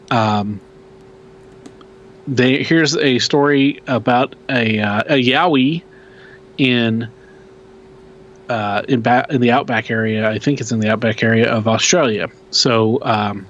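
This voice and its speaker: A man's voice: mid-range voice, slow, long pauses, a bit bright, lo-fi sound. A man co-hosting a casual podcast, rambling and self-deprecating with lots of fillers. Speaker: podcast co-host. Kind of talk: casual chat.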